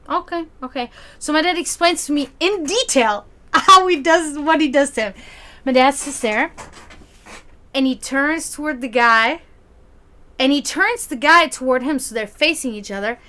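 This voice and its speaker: Bright-voiced woman telling a story. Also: high voice. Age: adult, grew up with a brother. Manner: animated, acts out quoted voices, laughs often, profanity. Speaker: community gathering host. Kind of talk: casual storytelling.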